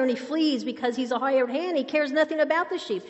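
A woman teaching a Bible lesson, emphatic and quick to put questions to her listeners. The recording is dull and muffled. A long hall reverb trails behind her voice. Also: high voice, a little mellow.

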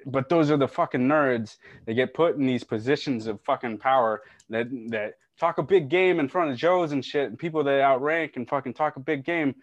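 A man's voice: mid-range voice, no echo. A man who is a serving soldier, talking bluntly and with frustration in casual chat, with a lot of swearing. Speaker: serving soldier, podcast guest. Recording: dry, dull lo-fi sound.

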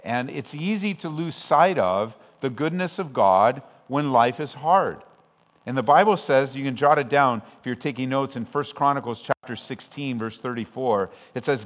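A man from Southern California preaching a sermon as pastor, conversational with frequent restarts, swelling loud when he quotes scripture. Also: medium pitch, normal speed. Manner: conversational and self-interrupting, with restarts. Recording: long hall reverb.

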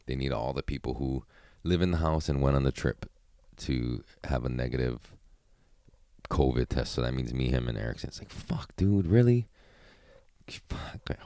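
A man's voice: very deep voice, a little mellow, smooth, no room sound, studio quality. A man hosting a solo podcast, rambling casually with constant profanity. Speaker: podcast host.

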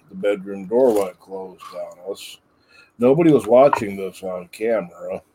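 Dry-talking man, dark husky voice. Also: lowish voice, rough recording. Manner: dry, curt. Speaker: co-founder guest. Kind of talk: casual chat.

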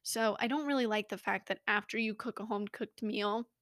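A young woman with a medium-pitched, slightly bright voice hosts a podcast, talking a little fast. She rambles casually and self-mockingly, recorded dry and close in a small home studio.

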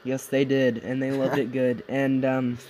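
A man's voice: medium pitch, monotone, measured pace, darkish tone, slight background noise, poor audio. A young man co-hosting a casual podcast late at night in a basement, rambling, tired and goofy, laughing at his own jokes. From United States. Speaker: podcast co-host. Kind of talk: casual chat. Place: home basement.

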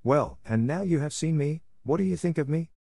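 A man's voice: fairly high pitch, lively intonation, moderate pace, gravelly, mellow, husky, no echo, voice pushed up, full character voice. A man voicing a vain, fierce male ogre who asks amused, boastful questions in a storybook reading.

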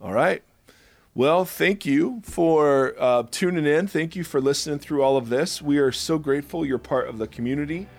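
A man's voice: fairly high pitch, moderate pace, gravelly, no room sound. Upbeat man hosting a faith podcast. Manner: upbeat, playful, closes with a spoken blessing. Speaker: podcast host. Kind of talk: casual podcast chat.

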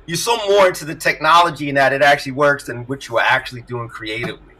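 A middle-aged man, a music producer, telling stories in an animated way and laughing often during a casual interview over a video call. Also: on the high side, fast, hardly any pauses, rough recording. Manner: animated storyteller, laughs often, acts out voices.

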